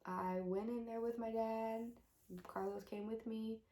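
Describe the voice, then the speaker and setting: A young woman vlogger telling a personal story to the camera, emotional and halting, with many pauses. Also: fairly high pitch, steady tone, mellow. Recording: echoey room.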